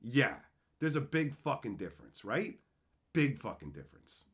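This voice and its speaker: Man, live stream chat, frustrated ranting, swears a lot, very lively pitch. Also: normal speed. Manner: reads out chat messages.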